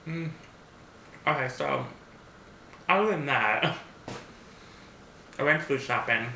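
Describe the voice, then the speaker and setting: Man, mukbang vlogger, story time while eating, animated, blunt and profane, bright voice, roomy echo. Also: mid-range voice, takes it slowly, gravelly. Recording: echoey room, faint background hiss.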